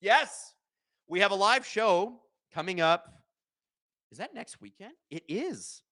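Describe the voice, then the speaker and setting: A man hosting a live hockey watch-along stream, chatting casually, joking and reading viewer comments aloud before breaking into quick play-by-play. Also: high voice, lively intonation, sharp tone, dry recording.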